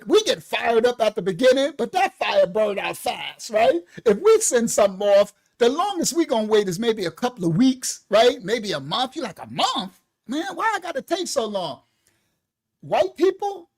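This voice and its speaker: A man with a high voice hosts a loose comedic commentary. He laughs often and jumps into short acted-out conversations as he talks. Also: low-quality recording. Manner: animated, laughs often, acts out quotes. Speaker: online show host.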